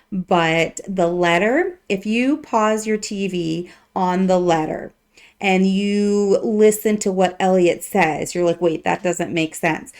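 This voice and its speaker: A woman talking casually as she reviews a TV episode, chatty with many fillers, reading a letter aloud at times. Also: fairly low pitch. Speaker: TV show reviewer.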